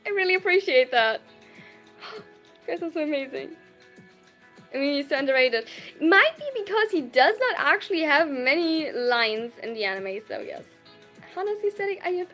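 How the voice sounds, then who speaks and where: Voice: sits high, animated, fairly bright tone, faint music behind. A young adult livestreamer with a German accent chatting casually, reading viewer messages aloud and gushing thanks with lots of laughter. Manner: bubbly and effusive, quick to gush thanks and laugh.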